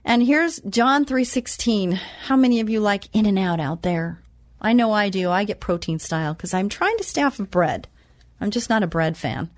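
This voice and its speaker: A woman giving a motivational talk. She quotes scripture slowly and with emphasis, then chats about her own life. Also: medium pitch, expressive, no room sound, clean studio sound. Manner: chatty and personal, tells anecdotes. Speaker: self-empowerment speaker.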